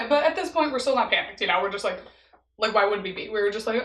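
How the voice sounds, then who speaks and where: A woman's voice: a little high, lively intonation, fairly quick, a bit bright, echoey room, rough recording. A young woman telling a story in a casual vlog while eating, chatty and laughing often, leaning on "like" as filler. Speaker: vlogger.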